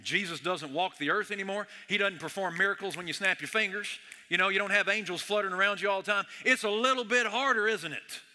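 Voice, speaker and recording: A man preaches a sermon with a sharp, very bright and fairly high voice. He talks in a conversational, joking way, dropping to a hush and then rising loud. The sound rings with the long reverb of a church hall. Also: fast, few pauses.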